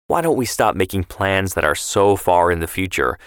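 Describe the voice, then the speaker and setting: Casting: practical, worried mom, read by a male narrator, firm and plain, low dry voice. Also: lively intonation, moderate pace, a bit bright, smooth, no room sound. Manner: firm, arguing. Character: worried, practical mother, middle-aged woman.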